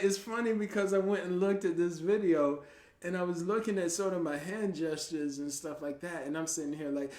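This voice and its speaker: Guy hosting a podcast, slangy and cussing, kinda high voice, goes loud then low, echoey room. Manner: animated storytelling, swinging from loud laughing outbursts to low murmurs; profane, slangy. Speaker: podcast host. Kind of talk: casual chat.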